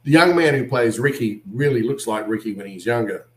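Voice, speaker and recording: A man with an Australian accent, an actor guest on an interview, telling animated anecdotes and acting out what other people said. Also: mid-range voice, fairly quick, reverberant, rough recording. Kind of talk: casual interview storytelling.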